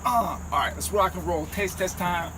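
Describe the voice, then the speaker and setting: A man's voice: sits high, steady tone, normal speed. A man hosting a casual food-tasting vlog outdoors, talking in a playful, hyped-up way. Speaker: vegan food vlogger. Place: outdoors by a street. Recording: outdoor street noise.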